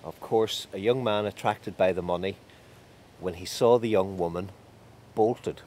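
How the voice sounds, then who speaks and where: A man telling a folk tale in a lively, animated way. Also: low-pitched, a little slow, slight background noise. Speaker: storyteller.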